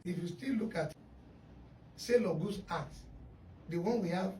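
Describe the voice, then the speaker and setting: A man's voice: sits high, moderate pace, warm tone. A man, a guest arguing points on a radio panel. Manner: argumentative, questioning. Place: radio studio. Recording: roomy studio, distant mic, faint noise.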